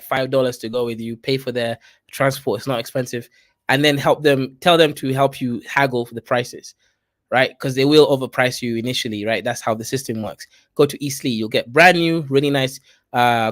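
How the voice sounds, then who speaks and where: A man's voice: medium pitch, no room sound. A man from Kenya hosting a casual chat, giving advice and often saying "right?". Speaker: host.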